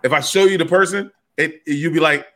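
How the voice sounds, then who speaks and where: A man who is a stand-up comic, chatting casually and telling animated stories, swearing freely and acting out what people said. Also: a little high, brisk. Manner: animated storyteller, swears freely, acts out quotes. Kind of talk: casual podcast chat.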